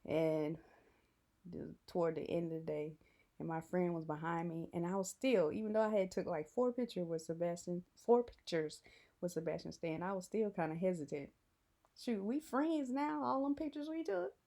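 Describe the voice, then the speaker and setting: Young woman vlogger, low mellow gravelly voice, chatty excited fangirl storytelling. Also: moderate pace. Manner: animated, giggly fangirl retelling with acted quotes. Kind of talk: casual storytelling to camera.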